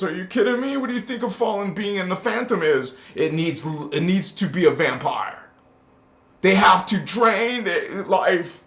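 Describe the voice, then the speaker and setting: A man hosting a spiritual channel, scolding and preaching with sudden loud chanted words and many hesitations. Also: high-pitched. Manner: hesitant, many fillers and restarts. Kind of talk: confrontational spiritual monologue. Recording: echoey room.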